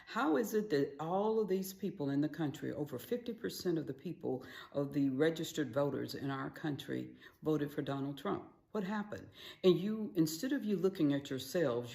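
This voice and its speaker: A woman's voice: deep voice, darkish tone, roomy sound. A woman giving political commentary, directly accusing her opponents. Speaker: conservative commentator.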